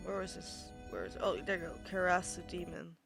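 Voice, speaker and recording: Expressive woman streamer reading a game. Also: lowish voice, fairly quick, vocal fry, music in the background. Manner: expressive, bursting into loud reactions. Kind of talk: reading a visual novel aloud with reactions.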